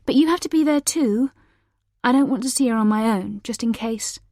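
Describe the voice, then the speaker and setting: A woman voicing an irritable, scheming young mother in an audiobook, with a sharp, sarcastic manner. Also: a little high, fairly quick, no room sound, clean studio sound, pitched above the performer's own voice, natural voice. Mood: guarded.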